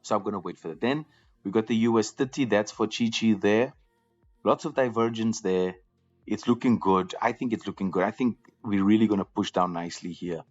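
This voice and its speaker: A man's voice: fairly low pitch, a little fast, darkish tone. A man hosting a live trading room, talking casually to viewers and often repeating words as he goes. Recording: slightly dull lo-fi audio with faint music.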